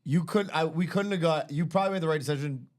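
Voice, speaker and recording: A man co-hosting a podcast, jumping in with quick, emphatic jokes in casual chat. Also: fairly high pitch, a little mellow. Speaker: podcast co-host.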